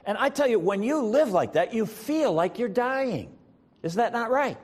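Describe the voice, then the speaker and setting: A man's voice: extremely high pitch, lively intonation, normal speed, slightly rough. A man preaching a sermon as pastor, talking in a conversational way with frequent fillers as he retells scripture.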